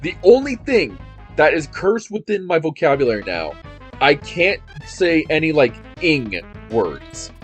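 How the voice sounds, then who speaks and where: A man's voice: fairly high pitch, big pitch swings, a little slow. Man making dry joking asides. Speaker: gaming show co-host. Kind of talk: casual chat during a video game session. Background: game music.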